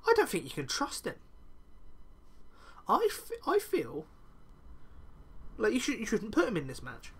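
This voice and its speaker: A man's voice: sits high, huge pitch swings, unhurried, long pauses, a bit bright, slightly rough, pitched above the performer's own voice, exaggerated voice. A man voicing a smug, scheming male wrestler, speaking in a gloating, self-satisfied way.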